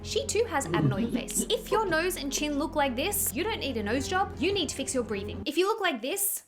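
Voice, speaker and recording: A woman's voice: high voice, big pitch swings, fairly quick, music in the background. A woman narrating an explainer video, speaking directly to viewers and asking them questions.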